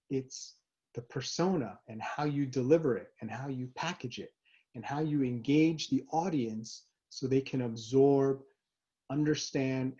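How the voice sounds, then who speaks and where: Man, mid-pitched voice, upbeat coach, animated, rhetorical questions, slightly muffled lo-fi sound. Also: slightly rough. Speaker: host and facilitation coach. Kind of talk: scripted talk to camera.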